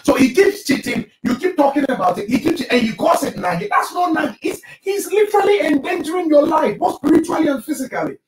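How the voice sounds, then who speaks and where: Male pastor-host, very high voice, emphatic teaching style, roomy distant sound. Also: lively intonation, fast, hardly any pauses, soft background music. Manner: emphatic, preachy, addresses listeners directly. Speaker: pastor and marriage show host. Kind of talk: live broadcast marriage teaching.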